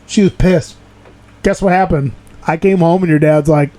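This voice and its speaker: Excitable high-voiced man telling stories. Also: a little slow. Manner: excitable, profane storytelling with laughs. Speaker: podcast host. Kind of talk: casual chat.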